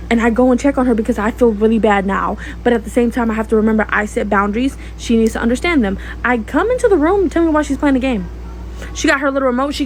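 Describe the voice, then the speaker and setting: A young woman with a slightly high voice tells a casual storytime to her viewers. She talks in an animated, dramatic way and turns to the audience directly. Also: slight background noise. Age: young adult. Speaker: storyteller vlogger.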